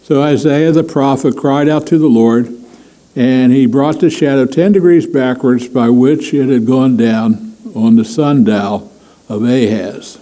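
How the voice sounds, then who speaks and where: A man's voice: medium pitch, a little slow, warm tone, poor audio. A man preaching a conversational sermon as pastor, chatty with frequent chuckles and many fillers.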